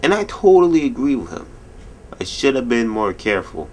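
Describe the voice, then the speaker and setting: Rambling young man with lively swings. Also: medium pitch, fairly quick, a little hiss or hum. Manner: rambling, jokey, animated storytelling. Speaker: vlogger. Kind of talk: casual late-night vlog monologue. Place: at home late at night.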